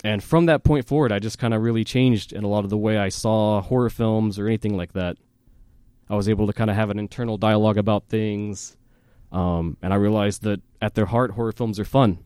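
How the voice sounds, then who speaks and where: A man hosting a podcast, telling a childhood story in a casual, animated way, with fillers and laughing at himself. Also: on the low side, brisk, clean tone, no echo, clean studio sound. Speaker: podcast host.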